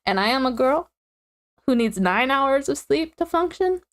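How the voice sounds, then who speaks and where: Young woman, high voice, tired, giggly casual streamer chat. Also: measured pace. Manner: chatty, giggly, animated swings in pitch. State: tired, yawning.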